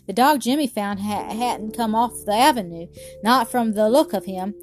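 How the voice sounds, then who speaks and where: A woman's voice: fairly high pitch, moderate pace, a little mellow, lightly acted. A woman voicing a humble working-class mother who speaks respectfully and deferentially. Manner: deferential, addresses him as sir.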